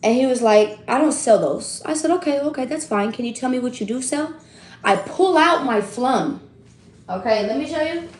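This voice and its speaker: A woman in her twenties telling a story casually to her viewers, animated and slangy, swinging between loud outbursts and hushed asides. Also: high-pitched, moderate pace, roomy sound, a little hiss or hum. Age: 20s. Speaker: tarot reader and streamer.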